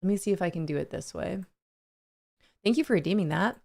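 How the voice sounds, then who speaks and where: A woman's voice: on the low side, expressive, fairly quick, gravelly, mellow. A young adult woman streaming live, chatting casually with her viewers, greeting them by name and laughing often.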